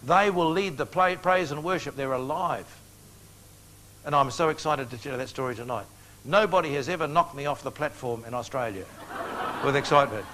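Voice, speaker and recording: An older man preaching a sermon in a large meeting hall, telling stories in an animated way. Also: mid-range voice, moderate pace, a little hiss or hum. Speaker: evangelist.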